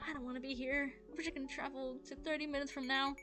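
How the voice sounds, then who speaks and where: A woman's voice: sits high, little pitch movement, fast, close to an everyday voice. A woman voicing a shy, anxious teen girl. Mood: miserable. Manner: nervous inner monologue. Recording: game music behind.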